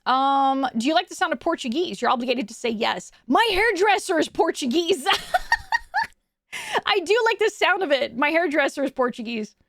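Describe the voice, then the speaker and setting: A woman's voice: high voice, very animated, moderate pace, fairly bright tone, no room sound. Brief: casual woman streamer, laughs a lot, swears freely, dry desk mic.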